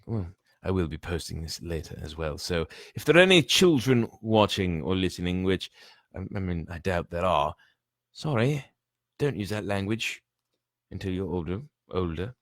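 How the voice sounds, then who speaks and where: Man reading aloud, deep voice, stumbles and restarts, chatty asides, dry close mic. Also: big pitch swings, moderate pace, no room sound. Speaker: reader.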